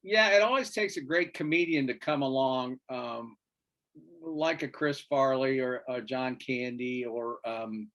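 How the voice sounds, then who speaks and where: A man's voice: mid-range voice, a little slow, fairly bright tone, muffled recording. A man co-hosting a casual sports chat show, rambling through stories and searching for names with fillers. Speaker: podcast co-host.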